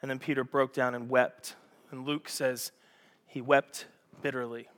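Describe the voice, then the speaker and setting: A man preaching a sermon to a congregation, animated and storytelling, acting out scenes with raised voices. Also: mid-range voice, measured pace. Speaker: pastor. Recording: echoey hall.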